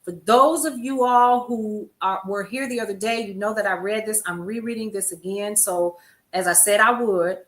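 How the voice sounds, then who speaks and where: A woman's voice: medium pitch, fairly even intonation, moderate pace, echoey room. An older woman, a grandmother, hosting a casual news commentary stream, chatty and laughing often as she talks to her viewers. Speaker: host.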